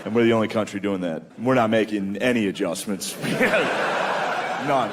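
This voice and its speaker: On a comedy club stage, a man performs a crude stand-up set into a handheld mic, brash and laughing at his own jokes. His voice is fairly low and animated at normal speed, and the live recording carries clear background noise.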